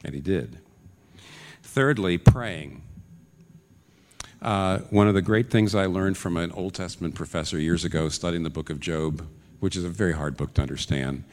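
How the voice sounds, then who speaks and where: A man's voice: sits low, normal speed, a little mellow. A man preaching a sermon in an earnest way, his voice climbing into urgent questions. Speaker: pastor. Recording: long reverb of a large hall.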